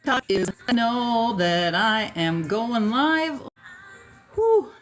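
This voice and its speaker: A woman's voice: on the high side, expressive, slow pace. A woman from South Dakota hosting a casual livestream, greeting viewers by name and chatting with fillers and asides, a bit tired at the end of the day. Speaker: livestream host. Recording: faint music behind.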